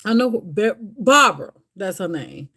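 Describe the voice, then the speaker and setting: Woman, livestream host, loose rambling chat with her audience, mid-pitched. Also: sing-song, moderate pace, sharp tone, slightly rough. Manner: chatty, rambling, talks straight to viewers. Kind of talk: casual chat with live viewers.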